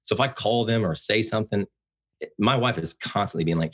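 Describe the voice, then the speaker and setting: A man speaking as a podcast guest, talking about fatherhood in an earnest, emphatic, loud-voiced way. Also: on the low side, a little fast, breathy edge, highs cut off. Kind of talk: casual interview conversation.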